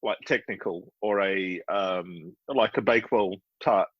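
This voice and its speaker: An Australian man guesting on a casual podcast, opinionated and quick to laugh. His husky voice sits in a middle pitch. It comes through a dull, lo-fi line that sounds very dry. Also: dry recording. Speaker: podcast guest, former baking show contestant. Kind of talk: casual chat.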